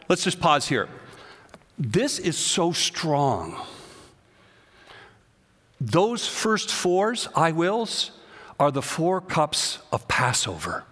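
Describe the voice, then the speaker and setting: Animated preacher in an echoing church. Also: male voice, a little high, extremely slow, long pauses. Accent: American. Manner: animated scripture reading, rising loud on quotes. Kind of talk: sermon. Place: church sanctuary. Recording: long church reverb.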